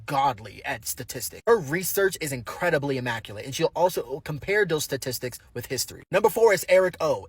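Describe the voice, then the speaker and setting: A man giving blunt, animated video commentary with casual swearing. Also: a little high, breathy edge, no echo.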